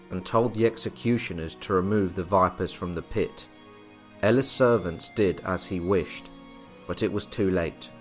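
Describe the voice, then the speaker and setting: A man giving a measured, scripted narration of a historical tale. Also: low voice. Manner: measured, storytelling delivery. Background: soft music.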